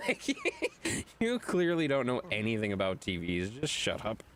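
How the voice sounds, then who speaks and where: Guy streaming a game, lowish voice that jumps around a lot, swears and laughs a bunch. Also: wildly swooping pitch, measured pace, slight background noise. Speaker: gaming streamer. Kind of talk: casual chat while playing.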